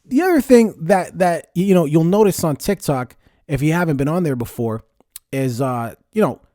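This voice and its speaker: A podcast host talking to his listeners in a slightly high voice that rises and falls a lot. He rants casually and leans hard on the words he wants to stress, and the sound is dry, with no room echo. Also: normal speed. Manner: lively, conversational, ranting with emphasis. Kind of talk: casual solo podcast talk.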